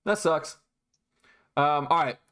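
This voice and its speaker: A man narrating as dungeon master, relaxed, with frequent ums and restarts. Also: a little high, slow pace, clear, resonant tone. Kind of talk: narrating a tabletop game.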